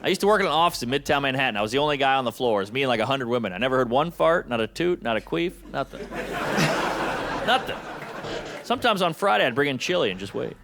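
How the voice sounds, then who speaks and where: A man performing a stand-up comedy set on a live stage, with punchy, rapid-fire delivery and sudden loud bursts. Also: mid-range voice, animated, creaky. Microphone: handheld stage mic. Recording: live show with loud crowd laughter and room noise. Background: audience laughter.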